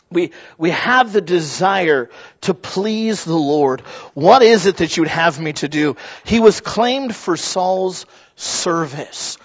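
A middle-aged man preaching a sermon as a pastor, telling stories in a lively way with frequent restarts and asides. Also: a little high, dull audio. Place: church sanctuary.

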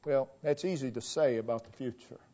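A man preaching a sermon, slow and emphatic, repeating a refrain and swinging between loud declarations and hushed tones. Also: mid-range voice. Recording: dull lo-fi recording.

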